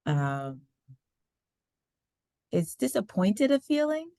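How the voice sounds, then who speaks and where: Slow, hesitant webinar participant. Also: medium pitch, big pitch swings, creaky, dark tone, no room sound. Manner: hesitant, thinking aloud with fillers.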